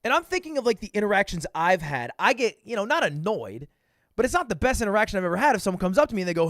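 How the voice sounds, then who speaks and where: Man, streamer storytime, high voice, very animated delivery, casual swearing, dry close sound. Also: very fast, dry recording. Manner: animated, swears freely, self-deprecating.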